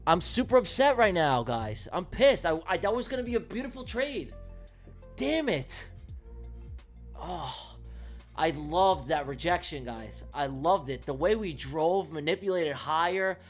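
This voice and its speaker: A man's voice: on the high side, big pitch swings, measured pace. A man hosts a live trading stream, and his voice swoops up and down as he vents. He sounds exasperated and swears freely as he talks to his chat. Faint music plays underneath. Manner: exasperated, venting, profane. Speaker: livestream trading host.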